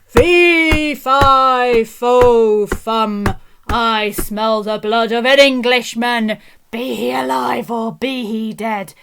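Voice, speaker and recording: A woman voicing a huge grumpy giant in a booming, menacing storybook voice. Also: extremely slow, creaky, a bit bright, a little hiss or hum, exaggerated voice.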